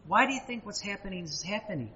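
A man preaching a sermon, emphatic and repetitive, with dramatic pauses and sudden rises. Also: sits high, animated, sharp tone, big-room sound, muffled recording, a little hiss or hum.

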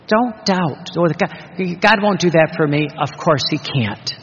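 Gravelly preacher in a reverberant hall. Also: male voice, fairly high pitch, animated, measured pace. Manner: emphatic, rhetorical questions. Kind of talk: sermon. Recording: dull reverberant hall recording.

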